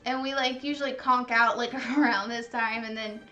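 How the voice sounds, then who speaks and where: A woman's voice: a little high, steady tone, moderate pace, bright, forceful tone, dull audio, soft background music. A woman hosting a livestream, chatting casually while eating, gushing and talkative with many "like"s. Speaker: livestream host.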